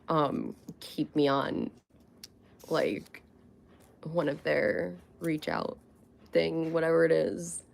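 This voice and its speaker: A woman's voice: low voice, vocal fry. Chatty young woman rambling on a livestream. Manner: chatty, rambling, laughs often, many fillers. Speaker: livestream host. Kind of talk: casual livestream chat.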